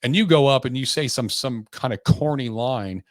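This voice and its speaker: A man's voice: mid-range voice, normal speed, no echo, clean studio sound. A man hosting a podcast, chatting casually and agreeing with enthusiasm. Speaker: podcast host.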